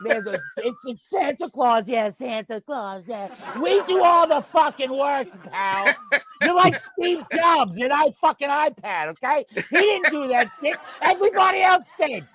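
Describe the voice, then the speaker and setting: A man doing a shrill, foul-mouthed angry elf. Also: very animated, measured pace, sharp tone, exaggerated voice. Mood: ranting. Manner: gruff, swearing, ranting. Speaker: roast guest. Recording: dull lo-fi audio with background noise.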